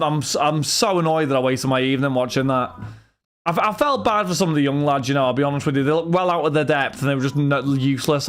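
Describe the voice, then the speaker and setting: A young man, chatting casually to his livestream viewers, venting in a rambling, exasperated way. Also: a little high. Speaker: livestream host.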